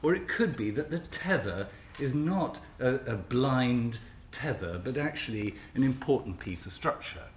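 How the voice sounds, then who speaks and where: A man delivers an academic lecture at an ordinary, middle pitch. His speech stops and restarts often, with repeated small words and a dry wit. The talk is captured in an echoey hall with a faint background hum. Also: animated, unhurried. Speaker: scientist giving a symposium talk.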